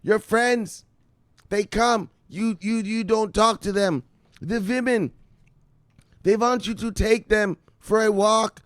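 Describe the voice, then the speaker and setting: A man voicing a doting, nagging mother who scolds her grown son in slow, broken phrases. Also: high voice, no room sound, clean studio sound.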